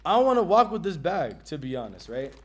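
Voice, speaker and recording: A man's voice: fairly high pitch, fairly quick, slight background noise. Laid-back slangy man showing gear. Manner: laid-back, slangy, many ums, bursts of excitement. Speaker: travel vlogger. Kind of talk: casual gear demonstration.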